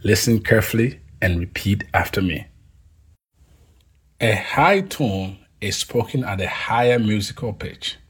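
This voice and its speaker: Slow husky male language teacher. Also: fairly low pitch. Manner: slow, deliberate drilling with pauses for repetition. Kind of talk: scripted pronunciation lesson.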